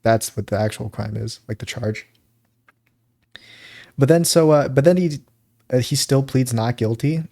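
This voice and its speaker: A man talks in a mellow, darker tone as he co-hosts a casual podcast. He rambles through a story and keeps breaking into little acted-out quotes. His pitch sits in an ordinary middle range. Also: measured pace, creaky, long pauses. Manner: rambling, laughs often, acts out quotes. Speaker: podcast co-host. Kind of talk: casual chat.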